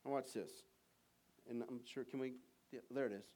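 A man preaching a sermon in a church, animated, asking the congregation for call and response. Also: medium pitch, moderate pace.

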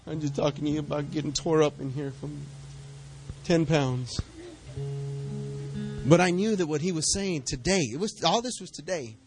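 A middle-aged man preaching a sermon, telling a story with lively back-and-forth dialogue. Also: a little high, moderate pace, pauses often, faint music behind. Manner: storytelling, animated, acts out quoted exchanges. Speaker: pastor.

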